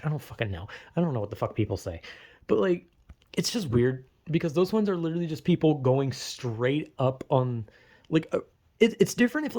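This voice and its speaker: A young man talks in a loose, rambling monologue, full of crude jokes and quick asides. His voice sits at an ordinary middle pitch. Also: darkish tone. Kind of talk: casual monologue.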